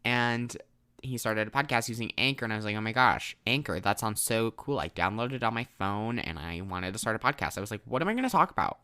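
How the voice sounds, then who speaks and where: Bright-voiced emotional teenage podcast host. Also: male voice, on the low side, lively intonation, quick pace, smooth. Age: teens. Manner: emotional, effusive and chatty. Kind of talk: casual solo podcast monologue.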